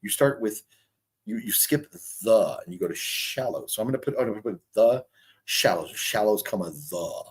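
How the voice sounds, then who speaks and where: A man's voice: lowish voice, sing-song, moderate pace, husky. A man in his fifties hosting a casual livestream, rambling and swearing as he reads chat comments. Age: 50s. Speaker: livestream host. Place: hotel room.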